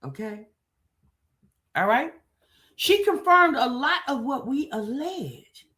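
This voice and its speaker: High bright woman doing gossip commentary on a livestream, aave, chatting right at her viewers, super animated. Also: slow. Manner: animated, talks straight to the chat with "baby" and "child". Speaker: commentary show host.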